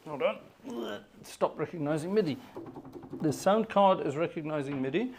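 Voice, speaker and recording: A man's voice: on the high side, slight background noise. Chatty man troubleshooting on a livestream. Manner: chatty, narrating his own tech troubleshooting; exasperated muttering asides. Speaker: organ music livestream host. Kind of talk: casual live-stream chat.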